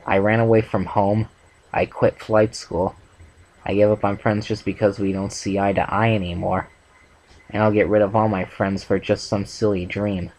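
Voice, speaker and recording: A man's voice: lowish voice, level tone, normal speed, darkish tone, rough recording. A man voicing a blunt, remorseful tomboy female pony in an amateur fanfic reading, in a plain, subdued voice. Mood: regretful.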